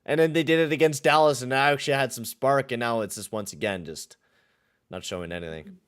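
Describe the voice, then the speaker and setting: A man's voice: medium pitch, brisk, fairly bright tone, clear, resonant tone. A man from western Canada hosting a casual live hockey play-by-play podcast, swearing and complaining in exasperation. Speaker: podcast host and play-by-play caller.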